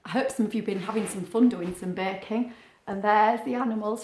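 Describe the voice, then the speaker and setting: A teacher with a slightly high, brisk voice reads a picture book aloud to young children at storytime. She's animated and sing-song, tossing playful asides to a puppet. The sound is roomy and echoey.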